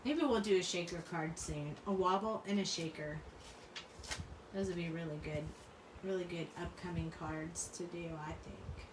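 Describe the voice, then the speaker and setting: A woman's voice: fairly low pitch, moderate pace, noisy background. A middle-aged woman hosting a crafting video, chatting casually and rambling, laughing often as she talks. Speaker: crafting channel host. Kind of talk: casual chat while crafting. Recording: roomy room, mic at a distance.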